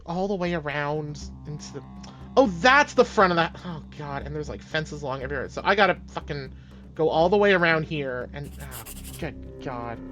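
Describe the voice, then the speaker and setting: High-voiced excitable male streamer. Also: moderate pace, soft background music. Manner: excitable, swears, reads game lines in put-on British voices. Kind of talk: let's-play commentary, reading game dialogue aloud.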